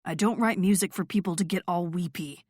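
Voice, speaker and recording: A woman voicing a brooding, sarcastic male rock star with a gruff, scoffing manner in an audiobook. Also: on the low side, brisk, darkish tone, dry recording, studio quality, natural voice. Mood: cold. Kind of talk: audiobook character voice.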